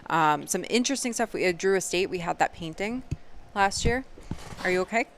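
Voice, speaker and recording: A woman's voice: lowish voice, expressive, fairly quick, a little hiss or hum. A woman co-hosting a podcast in casual chat, talking freely with frequent ums. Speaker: podcast co-host.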